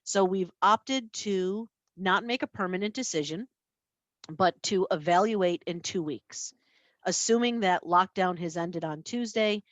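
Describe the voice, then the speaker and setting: A library's chief executive, a woman with a medium-pitched voice, gives her report at a board meeting. She explains her decisions in a measured way with a few fillers, and there is no room sound.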